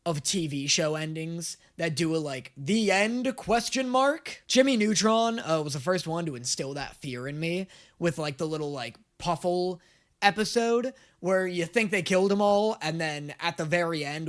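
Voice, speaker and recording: A young man hosting an anime reaction video, gushing excitedly in a casual chatty way with some swearing. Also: on the high side, normal speed.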